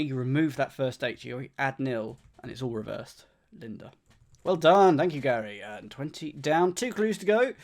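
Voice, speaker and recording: A man's voice: medium pitch, a little mellow. A man streaming himself solving a crossword, thinking aloud, repeating clues under his breath and thanking viewers by name.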